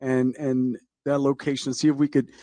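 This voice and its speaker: A man chairing a city council meeting, calm and courteous with the speakers. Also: mid-range voice, normal speed, no echo. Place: council chamber.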